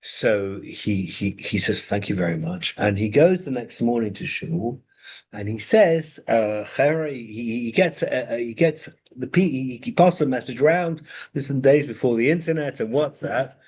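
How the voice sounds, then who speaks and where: Husky-voiced rabbi telling a story. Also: male voice, medium pitch, darkish tone. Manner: unhurried, halting storyteller who often pauses to find words. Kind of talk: informal lesson with storytelling. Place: synagogue study breakfast.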